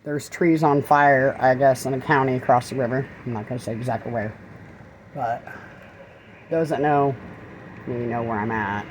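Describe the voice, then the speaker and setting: A woman with a rumbling low, steady voice vlogs casually from her RV during a windstorm, soothing her pets as gusts hit. She speaks at a moderate pace and pauses often. The low-quality recording carries wind and rain noise behind her.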